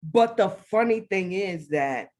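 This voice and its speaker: A woman telling a personal spiritual story as a guest, animated, acting out her own past words. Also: medium pitch, slow. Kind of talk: casual faith testimony.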